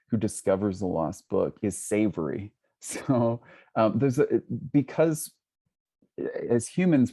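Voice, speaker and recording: A man talking as a guest scholar on a video call, thoughtful and hesitant, with frequent restarts and soft laughs. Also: on the low side. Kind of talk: casual conversation on a video call.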